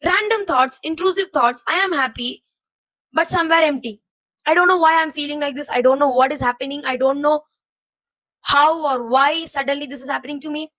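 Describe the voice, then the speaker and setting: A young female vlogger with a high, brisk, sharp voice vents to her viewers, rambling through jumbled thoughts in a confused, frustrated way while feeling emotionally heavy. The recording is dry and low quality.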